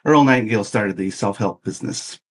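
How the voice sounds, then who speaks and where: Man in his 50s spinning a story on a podcast, animated, does little voices for the people in it. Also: on the low side, fairly quick. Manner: animated, acts out quoted voices. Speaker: podcast guest. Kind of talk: casual storytelling.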